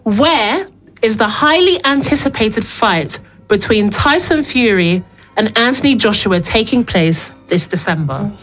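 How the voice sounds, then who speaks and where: A woman hosting a casual quiz among friends, reading questions out slowly. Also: a little high, expressive, fairly bright tone. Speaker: quiz host.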